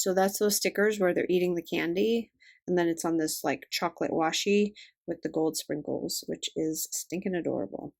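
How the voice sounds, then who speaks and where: An older woman chatting quietly and fondly as she unboxes stickers and tape, keeping her voice down. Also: on the low side, quick pace, gravelly. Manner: hushed, gushing, fond. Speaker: vlogger. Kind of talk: casual unboxing chat.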